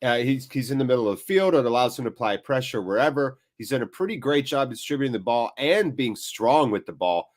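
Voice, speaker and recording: A man's voice: mid-range voice, animated, fairly quick, hardly any pauses. A sniffly man hosting a live match watchalong, giving chatty play-by-play. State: sniffly from blocked sinuses. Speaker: host.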